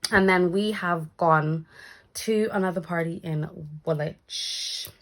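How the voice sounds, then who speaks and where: A young woman tells a story in a casual vlog, acting out what people said with big jumps in her voice. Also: slow. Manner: animated, acts out quotes with big pitch jumps. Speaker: vlogger.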